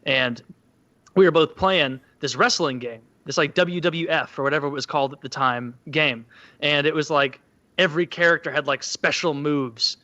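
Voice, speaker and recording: Bright high-voiced man telling stories. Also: normal speed, highs cut off. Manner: animated, acts out quotes in a high voice. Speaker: podcast co-host. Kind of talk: casual storytelling.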